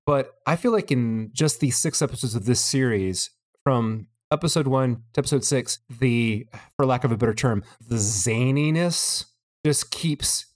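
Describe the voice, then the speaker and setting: Podcast co-host, man, mid-pitched, thoughtful analytical chatter. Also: normal speed. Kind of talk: casual chat.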